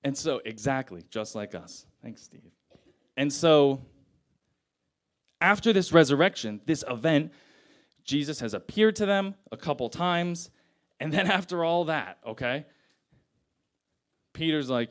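A man's voice: a little high, animated, measured pace, pauses often. A young man preaching a sermon in a casual, conversational way, retelling scripture in everyday slang.

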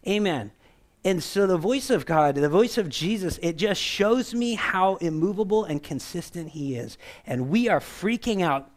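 Man preaching conversationally, fairly high voice. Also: lively intonation, measured pace. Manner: conversational, keeps asking "right?"; acts out quoted voices with shifts in pitch and loudness. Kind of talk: sermon.

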